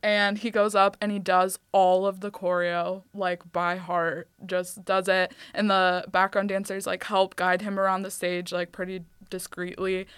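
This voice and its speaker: A young woman gushes emotionally in a casual podcast chat. Her voice is smooth and clear at a middle pitch. It is recorded dry and close. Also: little pitch movement, measured pace, few pauses, a bit bright, dry recording. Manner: gushing, emotional. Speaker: podcast co-host.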